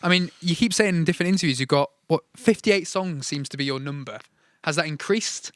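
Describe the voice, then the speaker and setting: Quick, teasing male host. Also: fairly high pitch, fairly bright tone, dry recording, studio quality. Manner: playful, teasing banter. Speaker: interview host. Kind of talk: casual live interview chat.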